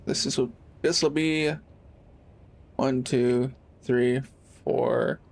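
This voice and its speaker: A man's voice: mid-range voice, steady tone, takes it slowly, vocal fry. A young man chatting casually while streaming a game, rambling and laid-back, swearing freely. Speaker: live streamer. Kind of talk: casual gaming livestream chat.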